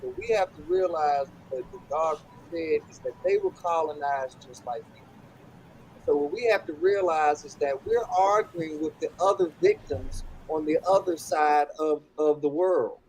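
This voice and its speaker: A man making an earnest, preacherly point about everyone being victims, addressing "ladies and gentlemen". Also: on the high side, a little slow, a little hiss or hum, poor audio.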